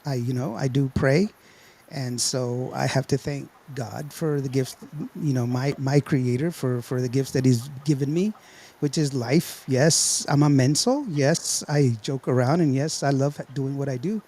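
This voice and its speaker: A man's voice: mid-range voice, unhurried, mellow. A man from Texas hosting a casual chat, joking, telling stories and laughing often. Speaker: host.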